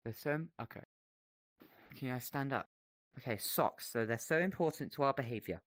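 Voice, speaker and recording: A man's voice: mid-range voice, normal speed, no room sound. A young man rambling through an absurd mock lecture in a VR chat, on a headset mic. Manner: rambling, absurd, deadpan silliness.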